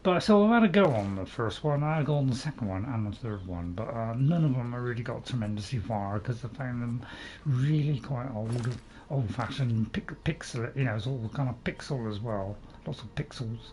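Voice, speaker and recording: A man's voice: medium pitch, animated, normal speed, few pauses, darkish tone, a little hiss or hum. A man hosting a casual let's-play, rambling and chatting to his viewers as he plays. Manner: rambling, self-admitted waffler; chatty, talks to viewers in chat. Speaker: gaming channel host.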